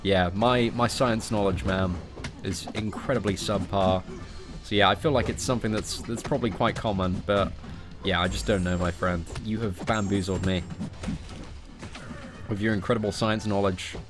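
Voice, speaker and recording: A man's voice: on the low side, fairly even intonation, moderate pace, music in the background. A young English man chatting casually and joking with viewers while he plays a game. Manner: jokey, chatty, calls listeners mate and boys. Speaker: gaming streamer. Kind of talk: casual live-stream chat while gaming.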